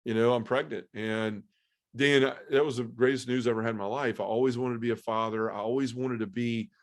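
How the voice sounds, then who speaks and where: A man sharing an emotional personal testimony as a podcast guest, earnest and halting, with many fillers. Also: medium pitch, fairly even intonation. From Memphis area, US South.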